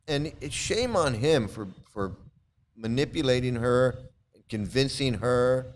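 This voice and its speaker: Mocking man ranting in casual commentary. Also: takes it slowly. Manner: animated, mocking, swings into high exclamations. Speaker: commentary host.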